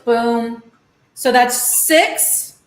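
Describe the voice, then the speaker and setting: A woman's voice: fairly high pitch, very slow, echoey room. Chatty young woman hosting a cooking stream. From Los Angeles. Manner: chatty, mixes in Spanish phrases, animated rants. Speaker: cooking show host. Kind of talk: casual live-stream cooking chat. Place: home kitchen.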